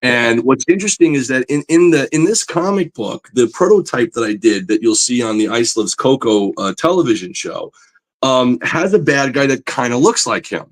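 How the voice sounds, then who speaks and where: A man, a comic book artist, chatting as a guest in an interview, telling stories with lively enthusiasm and many fillers. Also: medium pitch, normal speed. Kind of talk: casual interview storytelling.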